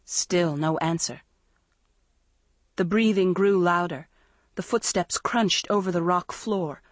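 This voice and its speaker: A woman narrating an audiobook in a slow, measured suspense reading. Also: fairly low pitch, no echo. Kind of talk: scripted narration.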